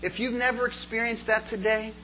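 A pastor preaching a passionate sermon to his church, moving between quiet, chatty asides and loud, pleading calls. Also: extremely high pitch, flat delivery, a little fast, background noise.

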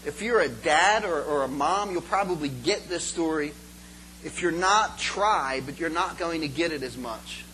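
Guy preaching in church, bright voice, goes from low chatty bits to loud pleading. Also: unhurried, slight background noise, rough recording. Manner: passionate, swinging from soft asides to loud pleading. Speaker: pastor. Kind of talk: sermon.

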